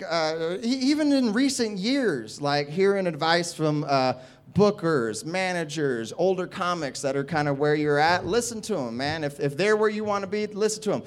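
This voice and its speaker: A young adult man, a stand-up comedian, telling a story in an interview, profane and animated, acting out other people's voices. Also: sits high.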